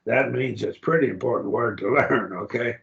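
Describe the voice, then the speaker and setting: A man's voice: medium pitch, fairly quick, vocal fry, fairly bright tone, muffled recording. A man teaching a Greek grammar class, explaining patiently and often checking that students follow.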